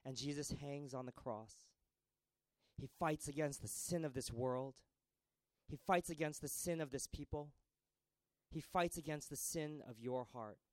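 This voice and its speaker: A man preaching a sermon dramatically, with a repetitive cadence that swings between raised pleas and hushed lines. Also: on the high side, a little slow, dry recording, rough recording.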